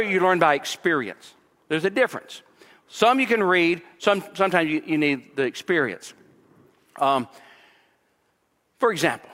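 In a large hall, a pastor delivers an expository sermon, weaving scripture together with personal stories. His voice is a bit bright and climbs in pitch whenever he presses a point.

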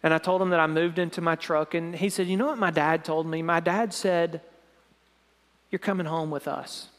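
A man preaching, retelling a dramatic story in sermon style and dropping to a soft, low voice at the emotional moments. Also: fairly even intonation, normal speed. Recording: long hall reverb.

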